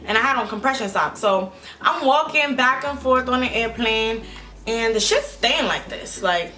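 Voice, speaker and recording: A woman's voice: a little high, normal speed, faint music behind. A young woman vlogger, telling a storytime in a rambling, casual way full of fillers. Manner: rambling, filler-heavy, animated retelling.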